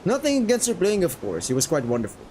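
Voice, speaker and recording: A man's voice: high voice, wildly swooping pitch, quick pace, mellow, slight background noise. A man voicing a refined, bookish male painted dog who talks formally and rambles politely about music history. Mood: enthusiastic.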